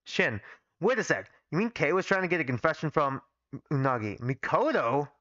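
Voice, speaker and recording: A man on a live stream reading his old fan fiction aloud, pausing to criticize his own writing and swearing casually. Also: fairly high pitch, very animated, a bit bright, dry recording, dull audio. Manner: self-critical, swears casually, reads every part himself.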